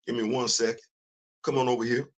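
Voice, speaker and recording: Talking casually to viewers on his comics show, a man gets animated, says things more than once, and raises his voice when excited. He's medium-pitched and fairly quick, and the audio has its highs cut off.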